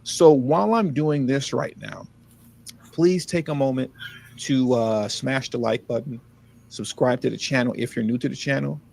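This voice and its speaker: A man's voice: mid-range voice, moderate pace, vocal fry, a little mellow. A man hosting a casual livestream commentary, talking in an emphatic, pleading, repetitive way. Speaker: livestream host.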